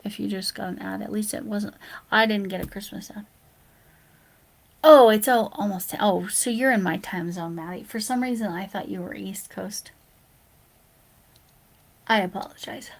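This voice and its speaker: A sleepy woman talks casually through a late-night livestream, reading out viewer comments and answering them. Her voice has a gravelly, fried edge, and she often slips into a soft near-whisper. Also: mid-range voice, steady tone, a little fast. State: sleepy, yawning. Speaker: live streamer.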